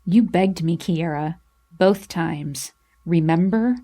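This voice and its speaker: An angry, defensive young man, read out by a woman narrator in an audiobook, clipped and bitter. His lines come low and icy cold, each word bitten off short. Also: takes it slowly, warm tone.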